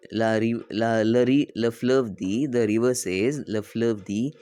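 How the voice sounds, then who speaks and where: A male teacher reading a French poem aloud slowly, repeating each line and translating it, often correcting himself. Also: lowish voice, a little mellow.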